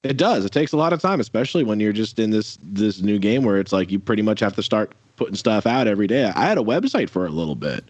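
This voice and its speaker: A man's voice: on the low side, big pitch swings, fast, hardly any pauses, darkish tone, dry recording. A man in a casual interview chat, rambling with many fillers and restarts over a video call. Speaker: musician guest. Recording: dull lo-fi audio.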